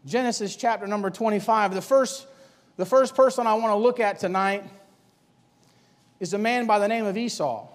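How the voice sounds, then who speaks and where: A man with a high, ringing voice preaches a sermon, swinging between loud emphasis and quiet asides. His voice carries a long reverb, like a large church hall. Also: moderate pace.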